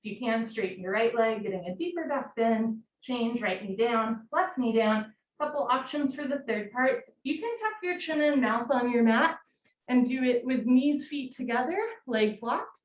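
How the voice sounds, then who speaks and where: A young woman teaching a live yoga class, giving brisk step-by-step cues and getting breathy as she does the poses along with the class. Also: fairly high pitch, expressive. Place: room at home, live video call. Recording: roomy sound from far off the mic, faint hiss.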